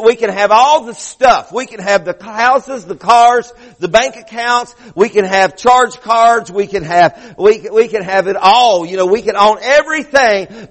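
Brief: middle-aged man, pastor, high voice, fervent sermon with stuttering restarts, long church reverb.

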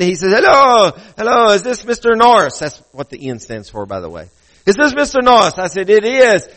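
A man's voice: high-pitched, fairly bright tone, rough recording. A male pastor preaching a sermon in a conversational way, often restarting and repeating phrases.

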